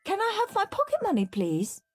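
A woman's voice: very high-pitched, wildly swooping pitch, fairly quick, darkish tone, dry recording, soft background music, voice pushed up, full character voice. Woman doing a prim goody-goody boy. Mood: sing-song. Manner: sing-song, tattling.

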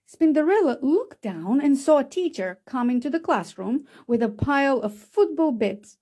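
A woman's voice: high-pitched, sing-song, normal speed, dark tone. A woman reading a children's storybook aloud, changing her voice for each character.

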